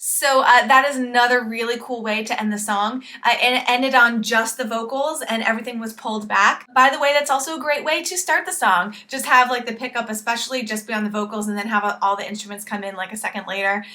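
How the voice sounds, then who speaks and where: A woman's voice: a little high, steady tone, quick pace, hardly any pauses, sharp tone. A woman songwriter giving an enthusiastic, analytical reaction to an album as it plays. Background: faint song playback.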